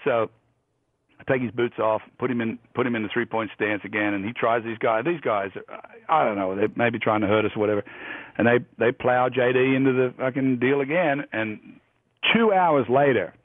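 A man in his fifties from Australia, telling profane, animated stories as a guest. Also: mid-range voice, moderate pace, no room sound. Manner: profane, animated yarn-spinning. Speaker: guest golfer. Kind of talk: storytelling anecdotes. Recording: husky voice over a tinny phone line.

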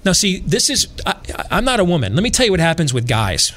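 A man hosting a podcast, telling a long personal story in a casual, animated way, repeating himself and adding dry asides. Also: sits high, fast. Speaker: podcast host.

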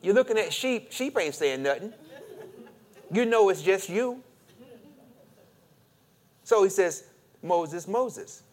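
A man's voice: sits high, animated, takes it slowly, long pauses. A man preaching a sermon, reading scripture aloud and joking as he acts out the voices of the story. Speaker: pastor.

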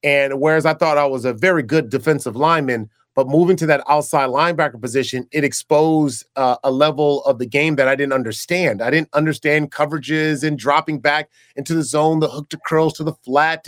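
A former pro football player turned broadcaster tells stories in a casual interview, animatedly acting out the lines of the people he quotes and often restarting his sentences. His slightly high voice sounds dry and close, and he speaks briskly with few pauses.

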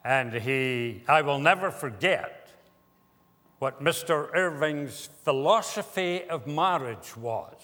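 A pastor delivers his sermon at an unhurried, deliberate pace, leaning on pauses for emphasis. His voice sits a little high for a man. It rings out with a long reverb, as if from a large church sanctuary. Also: animated, pushed and bright.

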